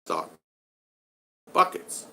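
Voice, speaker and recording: Bright-voiced man in his 60s. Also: very slow, a little hiss or hum. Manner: chatty, reads out and answers viewer comments, friendly teasing. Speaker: host of a live stream. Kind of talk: casual live-stream chat. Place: at home in the Philippines.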